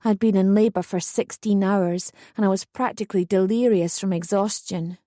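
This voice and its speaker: A woman's voice: mid-range voice, fairly even intonation, normal speed, mellow, no room sound, clean studio sound. A woman narrating a first-person true story audiobook with feeling. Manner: emotional memoir reading, acting out quotes.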